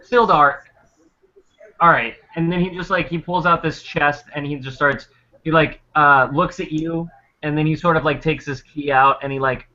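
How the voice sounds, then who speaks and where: A man narrating as game master of a tabletop game, rambling and pausing often for fillers. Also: mid-range voice, pushed and bright. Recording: muffled lo-fi recording.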